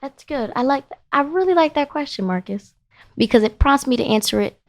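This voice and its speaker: A woman guest on a podcast, telling a personal story in casual conversation with emphatic, animated delivery. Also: sits high, fairly quick. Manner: emphatic, animated, rising into heated retelling. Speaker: podcast guest, business founder.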